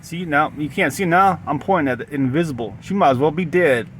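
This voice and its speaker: A sleep-deprived man with a put-on Southern accent rambling to camera outdoors, halting and repeating himself with many restarts. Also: on the high side, a little hiss or hum. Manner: halting, repetitive, full of restarts. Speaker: vlogger. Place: outdoors in a parking lot.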